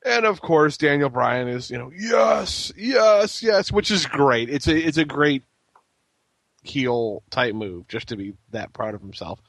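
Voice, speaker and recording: Joking his way through a wrestling recap, this podcast co-host chats casually and slips into mock-breathy impressions when quoting people. His medium-pitched voice is lively, unhurried and fairly bright, with no room sound.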